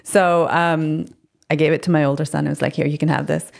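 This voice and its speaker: A woman's voice: low voice, little pitch movement, fairly quick, vocal fry. A woman from Pakistan co-hosting a podcast, easygoing and giggly in casual chat. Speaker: podcast co-host.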